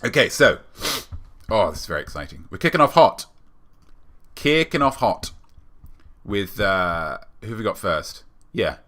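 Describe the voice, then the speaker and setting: A young man hosting a comedic live show, swinging between mock-solemn asides and loud, theatrical excitement. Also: fairly low pitch, measured pace, pauses often. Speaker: host.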